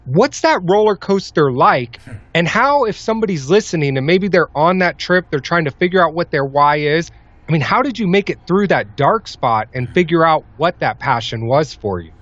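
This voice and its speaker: A man's voice: on the high side, animated, normal speed, a bit bright, no room sound. A man hosting a podcast, emphatic and enthusiastic as he asks questions and comments. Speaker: podcast host. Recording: dry, dull lo-fi sound.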